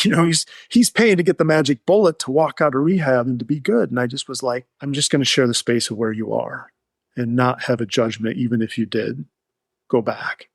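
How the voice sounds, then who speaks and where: A man's voice: mid-range voice, creaky, no echo. Earnest man telling a client story. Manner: earnest, heartfelt, rambling with restarts. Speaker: addiction therapist, guest.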